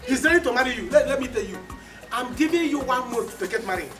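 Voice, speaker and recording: A woman's voice: sits high, expressive, quick pace, faint music behind. Woman playing a brash, boastful Nigerian bully. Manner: loud, boastful, repetitive. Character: brash scheming woman bullying her family. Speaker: actor. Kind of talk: Nollywood film acting.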